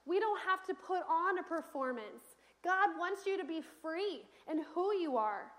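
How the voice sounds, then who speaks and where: A young woman with a very high, expressive voice speaks a little slowly while preaching a sermon in a church sanctuary. She tells stories earnestly, using casual conversational fillers.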